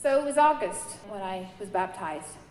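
A woman from New York giving a personal faith testimony, telling her story in a lively way and acting out the dialogue. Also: medium pitch, moderate pace. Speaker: church member giving testimony. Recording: echoey hall with faint noise.

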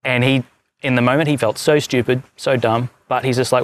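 Male preacher, casual stop-start sermon storyteller, middle-pitched voice. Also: brisk, no echo. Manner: rambling, self-correcting storyteller with many restarts. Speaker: pastor.

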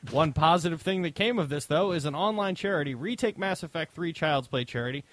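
A male podcast co-host with a slightly high voice that swings widely in pitch. He banters sarcastically and builds into heated rants. The sound is dry and close. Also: expressive, a little fast, fairly bright tone, no room sound. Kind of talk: casual podcast chat.

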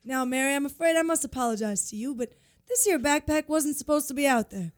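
A woman's voice: sits high, expressive, brisk. A woman voicing an old widowed male thrift store owner who talks in a folksy, old-fashioned way. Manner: folksy, old-timey phrasing.

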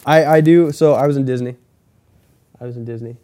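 Rambling young man with a dark voice. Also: medium pitch, a little fast. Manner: rambling storyteller, acts out quoted people in a raised voice. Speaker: podcast host. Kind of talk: casual chat.

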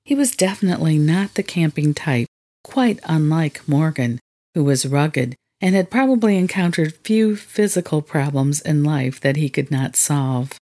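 A woman narrating a novel in a measured storytelling manner. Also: low voice, animated, mellow. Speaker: audiobook narrator. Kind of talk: scripted narration.

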